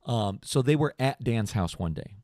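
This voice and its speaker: A young man hosting a podcast stream, telling stories in a rambling, animated casual chat and calling people "bro". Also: medium pitch, moderate pace, no room sound, clean studio sound. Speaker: podcast host.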